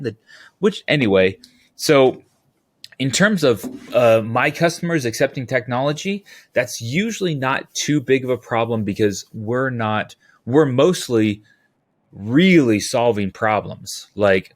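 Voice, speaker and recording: A man from California talking as a podcast guest, rambling and animated, with quick asides and restarts. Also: medium pitch. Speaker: podcast guest, utility locator. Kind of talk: casual interview talk.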